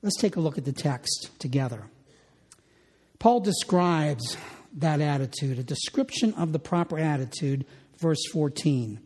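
A man's voice: on the high side, expressive, a little mellow, slightly rough. Male pastor preaching in a reverberant hall. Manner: deliberate, slows on scripture, repeats words. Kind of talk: sermon.

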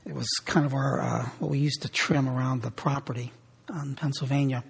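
Man, middle-aged, pastor, sermon, earnest and repetitive, gravelly voice, long hall echo. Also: mid-range voice, fairly even intonation, fairly quick. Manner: earnest storytelling with frequent word repetitions.

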